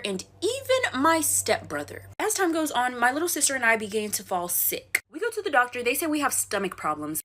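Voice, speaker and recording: A woman's voice: fairly high pitch, pushed and bright. A woman telling a dramatic storytime in a casual way, with swearing asides.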